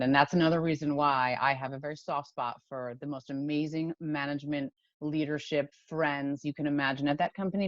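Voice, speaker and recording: Interview guest: woman, low voice, dull dry recording, emotional storyteller. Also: no room sound. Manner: emotional, animated retelling with laughs. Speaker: podcast guest, company founder.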